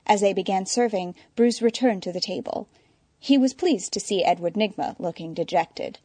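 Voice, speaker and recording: A woman narrating a story in a measured, wry storytelling manner. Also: medium pitch, warm tone, no echo. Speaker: audiobook narrator. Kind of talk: scripted narration.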